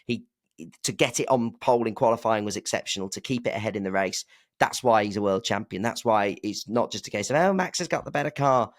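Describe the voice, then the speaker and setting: A man's voice: fairly low pitch, brisk, no room sound, clean studio sound. A man co-hosting a podcast, chatting casually and speculating, often restarting his sentences. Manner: chatty, self-interrupting, speculative. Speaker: podcast co-host. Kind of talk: casual chat.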